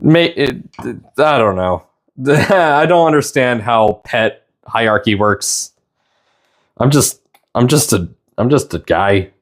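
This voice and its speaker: A man's voice: mid-range voice, lively intonation, takes it slowly. A young man chatting casually on a live stream, rambling and tender, stopping to apologize now and then. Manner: rambling, tender, stops to apologize while tearing up.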